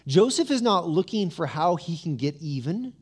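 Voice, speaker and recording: A man preaching a sermon as pastor, telling the story with lively asides and humor, then dropping to a soft, low voice for weight. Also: moderate pace, breathy edge. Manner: drops to a soft, low voice for emphasis.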